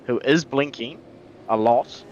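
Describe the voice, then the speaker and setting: A man commentating a sim race live, chatty and quick with frequent restarts, his voice going hoarse. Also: mid-range voice, a little mellow, dull audio. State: losing his voice. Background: race car engine noise.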